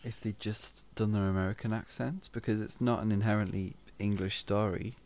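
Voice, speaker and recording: A man with a low-pitched voice chatting casually about a film. He makes short, dry remarks and agrees with his co-host often. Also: fairly even intonation, moderate pace, a little mellow.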